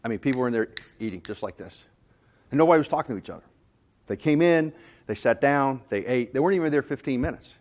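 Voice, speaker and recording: A man's voice: mid-range voice, expressive, fast, a little mellow. A man from North Carolina giving a sales talk at a conference, telling folksy anecdotes and stories to a live audience. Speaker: sales trainer. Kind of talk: conference presentation.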